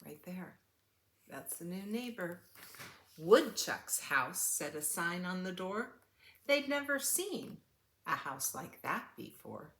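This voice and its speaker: An older woman reading a picture book aloud to children, animated and asking them questions. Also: lowish voice, slow pace, roomy sound. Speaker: children's story reader.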